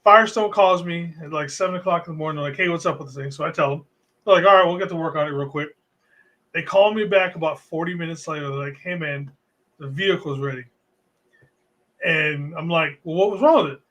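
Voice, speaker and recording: A man on a casual home sports podcast tells a rambling story with plenty of swearing. His voice sits a little high and rings bright. He talks loose and laid-back, like he's among friends. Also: a little fast, highs cut off. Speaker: podcast co-host.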